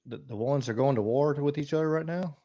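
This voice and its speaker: A man's voice: a little high, fast, warm tone, no room sound, muffled recording. A man co-hosting a casual podcast, chiming in with short, agreeing replies. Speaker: podcast co-host.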